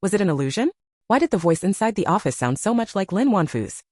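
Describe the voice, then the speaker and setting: A woman's voice: medium pitch, big pitch swings, fast, a little mellow, husky, dry recording, studio quality. A woman narrating a romance novel in a scripted storytelling manner.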